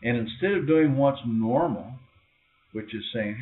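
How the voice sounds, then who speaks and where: A man preaching an informal sermon to a small group, acting out quoted voices with sudden high, loud cries. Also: expressive, unhurried. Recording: tinny, phone-like lo-fi recording.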